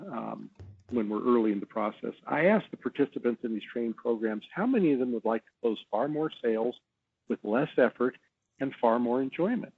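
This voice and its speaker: Gravelly man on a tinny line. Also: mid-range voice, no echo. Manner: measured, explanatory, laughs easily. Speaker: podcast guest, sales trainer. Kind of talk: podcast interview.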